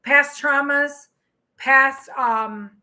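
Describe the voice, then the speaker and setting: A woman tarot reader hosts a live stream, talking in a lively, chatty way and answering her viewers as she goes. Her voice sits high and sounds bright and forceful. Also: extremely slow. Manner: chatty and animated, reads out and answers viewer comments.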